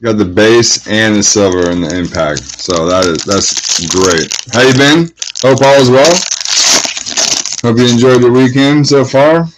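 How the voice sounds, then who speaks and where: A man's voice: mid-range voice, a little slow, noisy background. A man hosting a trading card break, calling out each card and greeting viewers, getting hyped at big pulls. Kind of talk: live card-breaking commentary.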